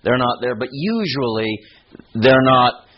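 A man preaching a sermon in a reflective, unhurried teaching manner, often restarting his phrases. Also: mid-range voice, lively intonation, muffled recording.

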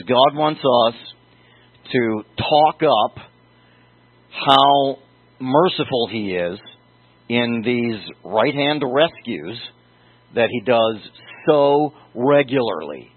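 A man delivers a verse-by-verse sermon at an unhurried pace, stopping to unpack the meanings of words. The sound is dry and close, squeezed into a narrow phone-like band with a mid-level voice. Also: mid-range voice, no echo. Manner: slow, deliberate, explaining word meanings. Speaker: Bible teacher.

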